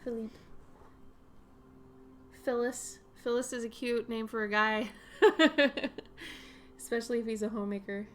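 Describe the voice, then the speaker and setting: A woman's voice: on the high side, fairly even intonation, a little slow, long pauses. Playful, giggly young woman streamer. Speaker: artist streamer. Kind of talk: casual chat while drawing.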